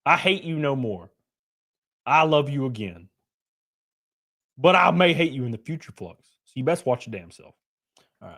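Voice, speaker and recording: A man streaming live, chatting casually and crudely, joking around and thanking chat members by name. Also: medium pitch.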